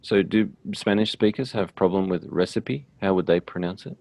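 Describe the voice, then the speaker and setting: An Australian man hosting a relaxed English-learning chat, laughing easily and filling pauses with ums. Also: low voice, gravelly. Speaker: English teacher and channel host. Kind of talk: casual conversational interview.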